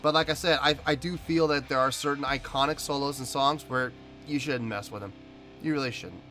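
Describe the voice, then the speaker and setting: Bright-voiced man ranting emphatically. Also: medium pitch, steady tone, a little fast, faint music behind. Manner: ranting, emphatic, repeats himself. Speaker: music reaction host. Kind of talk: reaction video commentary.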